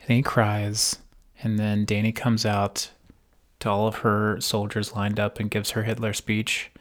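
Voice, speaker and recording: A man's voice: lowish voice, monotone, measured pace, a bit bright. A man from Ohio co-hosting a podcast, recapping a show in casual, profane, joking chat. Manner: profane, jokey, acts out characters' lines. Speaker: podcast co-host.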